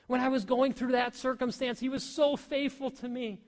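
A man preaching a sermon to a congregation, animated and full of questions to his listeners. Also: extremely high pitch, normal speed. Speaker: pastor. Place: church hall. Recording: long hall reverb.

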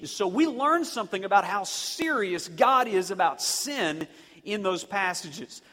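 A man preaching a sermon as pastor, with dynamic delivery that slows down to punch key words. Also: high voice, animated, bright, forceful tone. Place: church sanctuary. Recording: long reverb of a church hall.

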